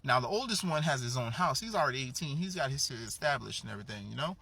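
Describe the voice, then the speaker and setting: A man casually telling a comedic story at home, profane and slangy, acting out the characters' lines with big jumps in pitch. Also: lively intonation, quick pace, vocal fry, sharp tone, breathy edge. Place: home with a dog in the back.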